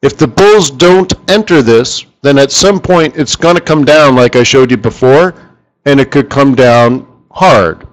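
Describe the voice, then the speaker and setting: A man hosts a live currency trading strategy session before a room of people, joking in an animated way and firing rhetorical questions at the audience. His mid-range voice is a little slow, and the audio is poor.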